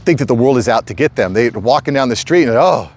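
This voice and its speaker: A middle-aged man with a mid-range voice talks fast in a casual direct-to-camera style on his channel. He hammers points home with repetition and keeps addressing his audience as "guys."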